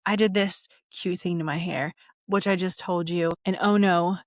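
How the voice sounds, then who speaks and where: Woman podcast host, high, giggly and wandering, lowish pitch, close and dry. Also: fairly even intonation, normal speed, no echo. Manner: giggly, rambling, repeats herself. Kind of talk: casual chat.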